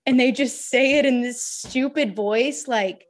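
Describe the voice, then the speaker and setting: A young woman co-hosting a podcast, telling lively stories and mimicking people in raised voices. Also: high-pitched, measured pace. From Southern United States. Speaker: podcast co-host. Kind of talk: casual sports chat.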